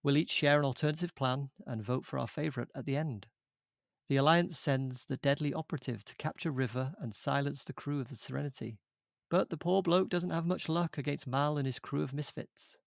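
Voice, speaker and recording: A man's voice: mid-range voice, brisk, gravelly, no room sound, studio quality. A man hosting a comedy podcast, jokey and chatty as he introduces segments. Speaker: podcast host.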